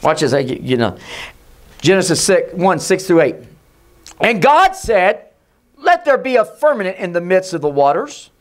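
A pastor giving an emphatic sermon in a church, sometimes hushed and sometimes shouting, and calling on the congregation to repeat his words. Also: sits high, big pitch swings, normal speed. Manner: leads the congregation in call and response. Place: church sanctuary.

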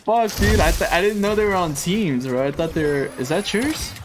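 A man streaming a shooter game live, swearing often and shouting at a teammate with frequent laughter. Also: normal speed, music in the background. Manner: laughs often, voice jumps high when excited. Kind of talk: live gaming stream commentary.

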